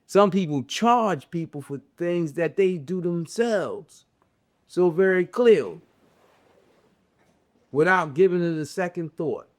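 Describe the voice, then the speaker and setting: An older man with a Southern US drawl, giving a slow, conversational religious reflection with drawn-out, repeating phrases. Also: high voice, animated. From American South, raised in a city. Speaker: religious teacher.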